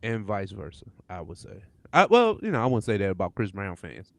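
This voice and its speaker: A man's voice: fairly low pitch, huge pitch swings, brisk, vocal fry, no echo. A man hosting a podcast in casual chat, laid-back and laughing often. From St. Louis area. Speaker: podcast host.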